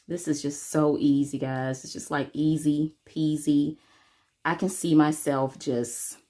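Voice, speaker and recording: A woman with a lowish voice hosts a casual coloring tutorial and talks her viewers through each step. She speaks very slowly and stretches out her words as she chats while she works.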